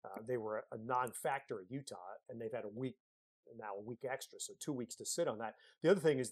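A man's voice: medium pitch, a little mellow. Emphatic man talking college football. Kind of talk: casual sports talk.

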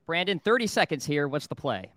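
A man hosting a sports betting talk show, briskly reading out odds and steering the discussion. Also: on the high side, very animated, fairly bright tone, no echo. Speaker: host.

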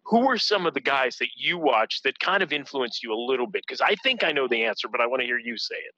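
A man from Florida hosting a talk show, asking questions in an animated, excitable way. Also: mid-range voice, fast, dry recording, lo-fi sound. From Florida, USA. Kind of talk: casual interview chat.

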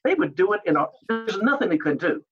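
A man, a martial artist and actor, telling animated anecdotes in an interview and acting out other people's lines. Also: sits high, quick pace, muffled recording, music in the background. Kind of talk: storytelling interview.

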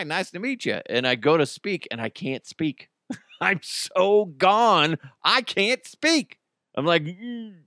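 A man hosting a solo podcast, telling stories in a lively way and laughing often. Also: mid-range voice, dry recording, studio quality. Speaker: podcast host.

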